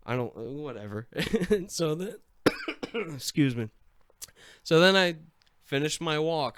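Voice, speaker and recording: A man's voice: mid-range voice, smooth, no echo, studio quality. A man casually telling a comic story about himself, swearing constantly and acting out every exchange.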